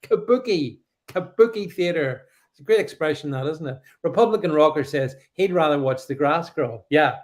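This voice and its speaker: A middle-aged man from the UK hosting a live stream, reading viewer comments and reacting with sarcastic, animated commentary full of restarts. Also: fairly high pitch, normal speed.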